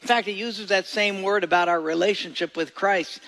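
Gravelly, folksy preacher man. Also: sits high, moderate pace, a bit bright, big-room sound, rough recording. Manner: folksy storytelling, asks the audience questions. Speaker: pastor. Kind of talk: sermon.

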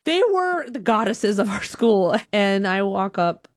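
A woman from Alabama telling a personal story in a lively, self-deprecating way, slipping into voices as she talks. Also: mid-range voice, a little slow, no echo, studio quality. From Huntsville, Alabama, USA.

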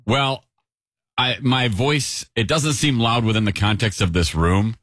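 A man co-hosting a radio show who speaks at a steady, unchanging volume in casual banter. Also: mid-range voice, measured pace, no echo, studio quality. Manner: steady, never changes volume. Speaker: radio co-host.

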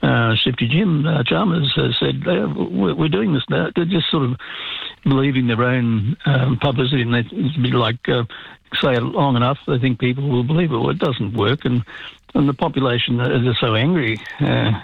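A man giving blunt political opinions in halting casual talk, full of fillers. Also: medium pitch, gravelly, slightly rough, dry recording. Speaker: caller or guest commentator. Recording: tinny phone line.

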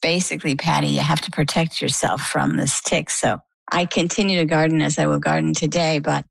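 A middle-aged woman from Maine, an interview guest telling her story in a lively way and acting out the dialogue. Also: low voice, brisk, vocal fry, husky, no room sound, poor audio. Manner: animated storyteller, acts out quoted dialogue.

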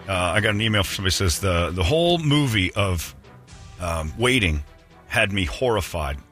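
Deep-voiced man telling rambling stories. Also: lively intonation, moderate pace, a bit bright, faint music behind. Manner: rambling anecdotal storyteller with restarts. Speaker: radio show host. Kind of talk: casual storytelling on morning radio.

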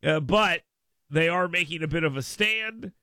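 A man's voice: fairly high pitch, moderate pace, pushed and bright, dry recording. A man hosting a radio talk show, rambling and repeating himself in casual chat, laughing often, at a studio microphone.

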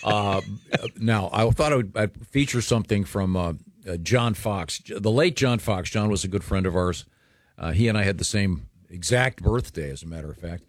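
A man with a slightly low voice hosts a relaxed chat. He rambles through folksy stories full of fillers. The sound is close and dry. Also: moderate pace, no echo. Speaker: host. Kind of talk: casual chat.

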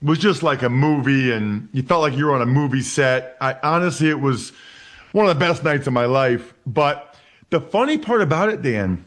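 A man in his forties from Pennsylvania, a guest telling stories in a casual chat. He talks in an animated way and often repeats words as he starts sentences. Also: medium pitch, normal speed. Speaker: interview guest. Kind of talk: casual storytelling.

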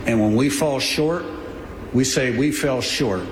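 A man's voice: medium pitch, a little slow, a little hiss or hum. Blunt male coach in an echoey hall. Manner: blunt, boastful. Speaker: college football coach. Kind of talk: press conference remarks. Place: media day event hall.

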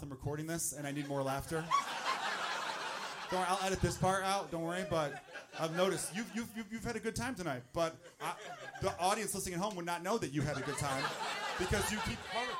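A man's voice: high voice, fast, heavy background noise. A man performing a stand-up set, conversational, chatting with and teasing the audience during a live recording. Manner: conversational, crowd-teasing delivery. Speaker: stand-up comedian.

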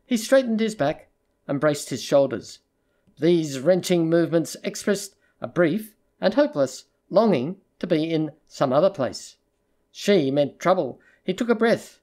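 A narrator reading a literary short story aloud in a measured, steady storytelling manner. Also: medium pitch.

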